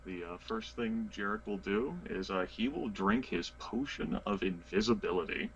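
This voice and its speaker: A man's voice: on the low side, moderate pace, fairly bright tone. A man playing a tabletop game, casual and profane, laughing as he describes his character. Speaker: player. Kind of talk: casual tabletop role-play. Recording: dull lo-fi voice chat with faint noise.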